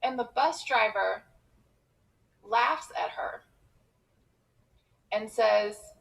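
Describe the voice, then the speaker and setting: A comedian from Iran telling a personal story with expressive, quick comic timing. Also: female voice, fairly high pitch, vocal fry, poor audio.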